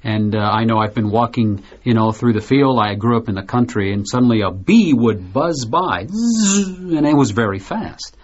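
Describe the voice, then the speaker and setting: A man from the United States hosting a radio English lesson, explaining a story and asking questions in a relaxed way. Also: fairly low pitch, normal speed, hardly any pauses, highs cut off. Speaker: English teacher and host.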